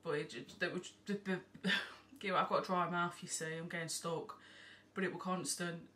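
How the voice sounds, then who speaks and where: This vlogger's voice sits lowish, steady in tone but a little fast, pushed and bright. She rambles and swears freely in a laid-back haul video shot at home near an open window, captured on a distant mic with faint background noise.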